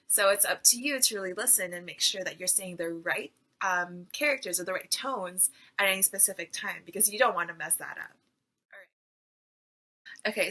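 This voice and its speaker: A chatty woman teaches pronunciation in a relaxed video lesson. Her voice is bright and clear, and she keeps saying syllables aloud to demonstrate. She talks in a loose, everyday way, full of fillers. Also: mid-range voice, poor audio. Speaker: Mandarin teacher.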